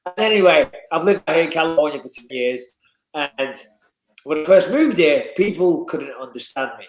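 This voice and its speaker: A man from England with a Northern English accent, telling animated stories and swearing freely as a guest in casual chat. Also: fairly high pitch, moderate pace, reverberant, poor audio.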